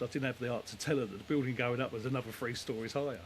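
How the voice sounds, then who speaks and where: Here the demolition company head, a middle-aged man, talks quickly at a medium pitch with fairly even intonation. His casual storytelling wanders, stays down-to-earth, and is packed with fillers. The low-quality recording carries slight background noise.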